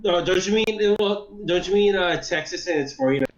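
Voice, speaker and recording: A man's voice: high voice, a little fast, echoey room, highs cut off, a crowd in the background. A man blurting silly jokes in a casual group chat.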